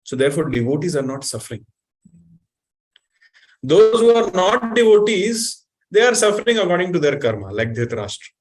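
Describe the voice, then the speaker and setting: A man giving an animated sermon, questioning the audience and reciting Sanskrit verses. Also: high voice, normal speed, pauses often. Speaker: spiritual teacher.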